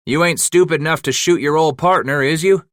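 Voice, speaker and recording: A gruff old mountain-man trapper, as a narrator puts him on, drawling in thick backwoods frontier speech. His voice sits a little higher than the teller's own and comes through dry and close. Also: fairly quick, fairly bright tone, no echo, natural voice.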